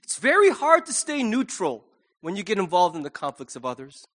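A man's voice: high voice, wildly swooping pitch, a little fast, fairly bright tone. A man preaching a sermon as pastor, conversational and humorous, slipping into acted asides. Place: church.

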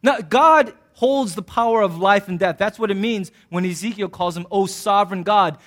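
A middle-aged man preaches with a light, high voice. He keeps things animated and jokey, slipping into little acted-out voices as he goes. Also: normal speed. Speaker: pastor. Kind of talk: sermon.

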